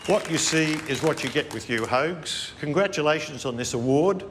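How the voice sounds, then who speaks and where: A friendly Australian man speaks a matey video tribute, his pitch a little raised. Clear background noise runs under the recording. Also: lively intonation, moderate pace. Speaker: former colleague in a video tribute. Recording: noisy video message.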